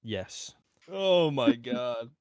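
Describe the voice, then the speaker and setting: A man's voice: medium pitch, lively intonation, extremely slow, clean tone, no room sound, studio quality. A man hosting a podcast in casual chat, tipsy, swearing and laughing often. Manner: profane, laughs often, joking. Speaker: podcast host.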